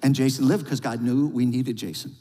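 A man preaching to his congregation, shifting between playful storytelling and soft, earnest prayer. His voice is of middling pitch and carries a long reverb through a large church hall. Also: brisk. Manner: storytelling with rising excitement, then hushed prayer. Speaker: pastor. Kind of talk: sermon. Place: church sanctuary.

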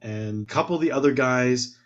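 A man's voice: mid-range voice, a little fast, dull audio. A man hosting a casual podcast, easygoing and agreeable, often checking in with "right?". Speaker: podcast host.

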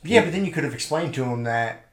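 Quick-talking joking man. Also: mid-range voice, lively intonation. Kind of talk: casual chat. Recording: echoey room.

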